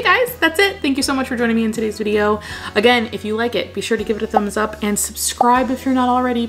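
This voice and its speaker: This woman, a plant vlogger who also shoots weddings, has a slightly high, gravelly voice. She talks candidly in a casual Q&A vlog and laughs a lot.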